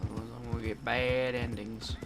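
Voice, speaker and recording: A man's voice: mid-range voice, level tone, fairly quick, gravelly, background noise. A man streaming a game and chatting casually, in a rambling way that corrects itself as he goes. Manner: rambling, laughing, self-correcting. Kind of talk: casual gaming chat.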